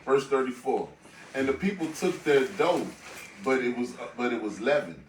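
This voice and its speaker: A man's voice: medium pitch, moderate pace, a little hiss or hum. Man reading Bible verses aloud. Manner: steady reading, stumbles on a word now and then. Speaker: scripture reader in a class. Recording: echoey room, picked up from a distance.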